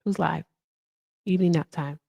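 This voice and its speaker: A woman's voice: on the low side, fairly even intonation, moderate pace, gravelly, mellow, no room sound, dull audio. A woman hosting a casual livestream. She is chatty and upbeat, says "all right" often and swears casually. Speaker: livestream host.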